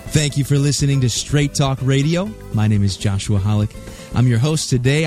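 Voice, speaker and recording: A man hosting a Christian radio show, calmly introducing his guest and asking questions. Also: mid-range voice. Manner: calm, measured, introducing and prompting. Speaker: radio host.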